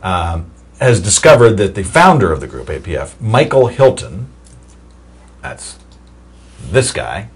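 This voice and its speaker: A man with a husky, fairly low voice runs a casual commentary, reading news stories aloud and breaking in with wry, chatty asides. His pitch moves around a lot as he talks. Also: very animated, a little slow, pauses often. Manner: wry, chatty, reads articles with asides and fillers. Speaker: political commentary host.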